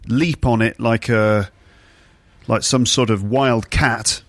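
A man hosting a podcast for learners, talking in a chatty, playful, rambling way from the kitchen area of his flat. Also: medium pitch, slow pace, dry recording. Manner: chatty, playful, self-commenting. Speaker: podcast host and English teacher. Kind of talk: casual rambling monologue. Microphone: podcast microphone.

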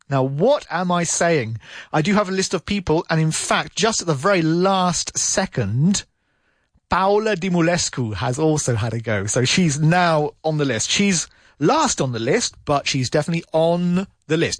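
A man hosting a radio English lesson, patiently repeating phrases slowly to demonstrate pronunciation. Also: on the high side, lively intonation, no room sound. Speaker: English teacher and show host.

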